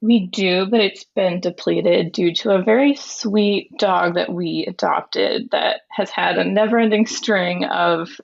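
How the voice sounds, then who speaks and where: A woman in her twenties from Virginia, calling in to a radio show and talking calmly. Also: fairly low pitch, a little slow, vocal fry, few pauses. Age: 20s. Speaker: caller. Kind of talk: call-in conversation. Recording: muffled phone-in line.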